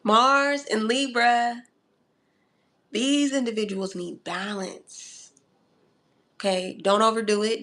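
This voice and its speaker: In an unhurried, medium-pitched voice with a slight brightness, a woman gives a casual spoken astrology reading. She coaches the listener, checks in often with "okay?", and calls them honey and darling.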